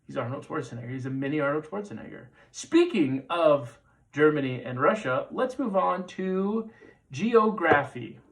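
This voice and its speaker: A man's voice: on the high side, lively intonation, normal speed, gravelly. A man in his thirties hosting a trivia quiz, repeating questions with playful jokey asides. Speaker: trivia show host.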